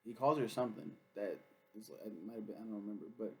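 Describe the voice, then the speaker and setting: A man's voice: lowish voice, fast, dark tone, breathy edge. A man chatting casually as he reviews a TV series, rambling and swearing freely with lots of fillers.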